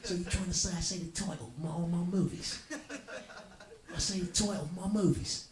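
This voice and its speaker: A man's voice: high voice, steady tone, brisk, crowd noise, pitched above the performer's own voice, lightly acted. A man imitating a tough, swaggering action-hero man, cursing and menacing, in a roomy club with audience laughter. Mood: defiant.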